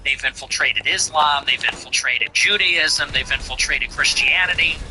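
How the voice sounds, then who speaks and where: High, sharp-voiced man mocking a clip. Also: slight background noise, rough recording. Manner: animated, mocking, repeats phrases slowly. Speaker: show host. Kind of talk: commentary on a played clip.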